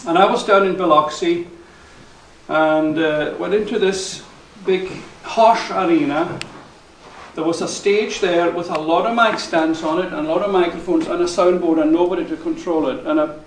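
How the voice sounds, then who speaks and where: On stage at a live concert venue, a male folk musician tells the audience a rambling story, chuckling and correcting himself as he goes. His voice is on the high side at normal speed, picked up by a distant mic that sounds echoey, with slight background noise.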